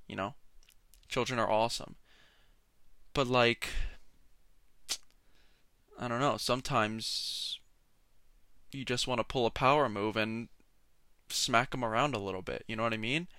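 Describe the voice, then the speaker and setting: A man's voice: mid-range voice, bright, forceful tone, dry recording, clean studio sound. A young man hosting a solo podcast, rambling and sarcastic, often interrupting himself. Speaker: podcast host. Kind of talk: casual solo podcast rant.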